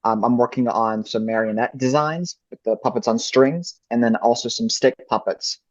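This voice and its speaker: A man's voice: medium pitch, normal speed, no echo. A man answering interview questions as a ventriloquist guest, reflective and thinking aloud. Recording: dull lo-fi dry recording.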